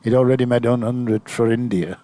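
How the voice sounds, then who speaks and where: A man's voice: medium pitch, fairly quick, warm tone, no echo. An older man, a former player reminiscing in a rambling, anecdotal way with many fillers. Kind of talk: reminiscing commentary chat.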